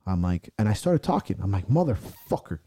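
Intense, profane man with a dark voice. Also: lowish voice, very animated, a little fast, husky, no echo, studio quality. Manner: intense, profane storytelling, acting out his own shouted self-talk. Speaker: strongman athlete and podcast guest. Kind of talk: casual podcast conversation.

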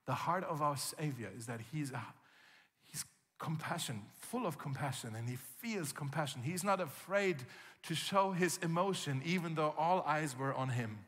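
A man preaching a sermon as pastor, telling the story vividly and acting out scenes with gasps and shouts. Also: a little high, moderate pace. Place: church hall. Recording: long reverb from a church hall.

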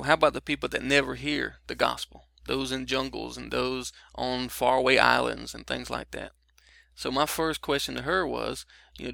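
A middle-aged man teaching scripture on a broadcast, his voice gravelly and bright. He talks loosely and conversationally, with many fillers and restarts. The recording is close and dry. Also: medium pitch, dry recording. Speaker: Bible teacher.

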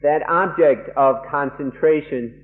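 Slow, measured monk on lo-fi tape. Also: male voice, fairly high pitch. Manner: measured, halting phrases with frequent pauses and restarts. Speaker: monk interpreting a dharma talk. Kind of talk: live interpretation of a dharma lecture. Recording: muffled lo-fi archival tape, phone-like band.

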